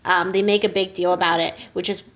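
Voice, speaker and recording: A young woman from China co-hosting a podcast, telling stories in casual chat and acting out other people's voices. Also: quick pace. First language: Chinese. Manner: animated storytelling, acts out voices with big pitch jumps. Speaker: podcast co-host.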